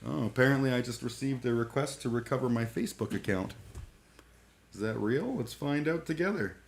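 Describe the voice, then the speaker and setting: A man's voice: mid-range voice, fairly quick, vocal fry. A man chatting casually on a live stream, rambling and irreverent, full of fillers and restarts. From Canada. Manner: irreverent, joking.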